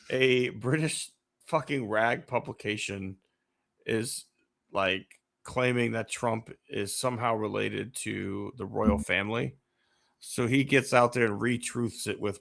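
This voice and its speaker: A man's voice: mid-range voice, normal speed, gravelly, a bit bright. A man co-hosting a podcast in casual chat, blunt and profane, with a Southern US accent. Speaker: podcast co-host.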